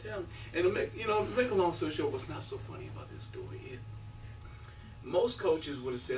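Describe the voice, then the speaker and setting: A man in his fifties, a former college basketball player, giving an animated storytelling speech at a breakfast event, acting out quotes and laughing often. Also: on the high side, fairly quick, slight background noise. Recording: roomy, from a distance.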